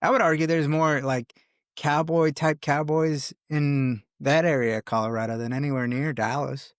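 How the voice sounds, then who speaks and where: A man's voice: a little high, steady tone, normal speed, dry recording, clean studio sound. A young man hosting a podcast in a casual chat, laid-back and chatty, laughing often. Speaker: podcast host.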